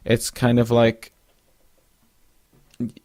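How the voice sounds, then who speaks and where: A man's voice: medium pitch, completely flat delivery, drawn-out words, darkish tone, dry recording. A young man hosting a casual solo podcast, rambling with lots of fillers and restarts and yawning now and then. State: yawning, drowsy. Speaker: podcast host.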